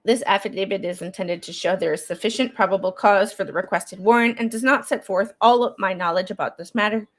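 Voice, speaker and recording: With few pauses and a slightly fast pace, a medium-pitched woman reads court documents aloud for her true crime stream. She's chatty and digressive, often stopping for asides, and coughs here and there since she's getting over a cold.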